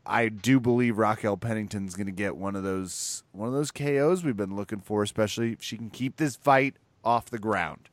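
A man's voice: lowish voice, normal speed, hardly any pauses, no echo. Playful man co-hosting a podcast. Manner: playful, self-mocking. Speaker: podcast co-host. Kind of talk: casual podcast chat. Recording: dry close sound.

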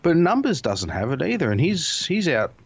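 A man's voice: on the high side, wildly swooping pitch, moderate pace, husky, lo-fi sound. A man in casual chat, a rambling, profane storyteller who laughs often. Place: home.

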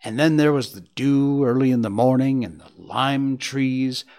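A man voicing a gentle, reassuring male oak leaf in a storybook reading, speaking softly and tenderly. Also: mid-range voice, unhurried, close to an everyday voice. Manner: soft, tender, calming.

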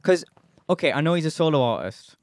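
A man's voice: on the high side, animated, fairly quick, no echo. A man hosting a podcast, chatting casually and making dry, wry remarks. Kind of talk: casual chat.

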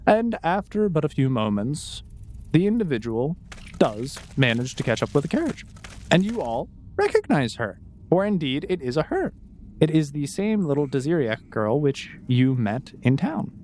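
Brief: male game master, slightly higher voice, loose chatty narration, faint background hum. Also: big pitch swings, normal speed, darkish tone. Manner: casual narration with many fillers.

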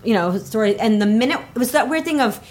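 A young adult woman telling a story in casual conversation, animated and laughing as she talks. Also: on the high side, quick pace. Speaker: comedy podcast guest.

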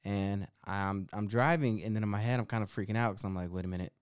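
A man's voice: fairly low pitch, a little fast, smooth, dry recording, studio quality. A man co-hosting a podcast, telling a story in casual chat, swearing and laughing as he goes. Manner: animated, swearing, laughing at his own story. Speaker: podcast co-host.

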